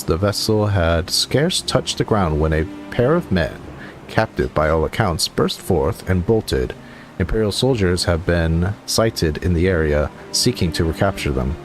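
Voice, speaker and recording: A man voicing a brisk male fortress officer, reading game dialogue in a businesslike way. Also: deep voice, big pitch swings, soft background music. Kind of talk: game dialogue read aloud.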